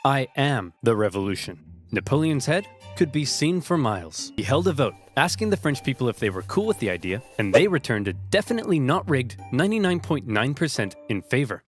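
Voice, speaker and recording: A man narrating comedic animated history with sarcasm, switching into silly voices for the figures. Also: mid-range voice, fairly quick, few pauses, faint music behind. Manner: sarcastic, jumps between silly character voices.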